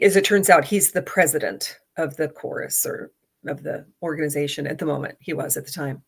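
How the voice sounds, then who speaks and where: A middle-aged woman hosting a podcast, telling a story in a chatty, animated way and quoting the people in it. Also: low-pitched. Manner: chatty, animated retelling with laughs and quoted voices. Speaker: podcast host. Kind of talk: casual storytelling monologue.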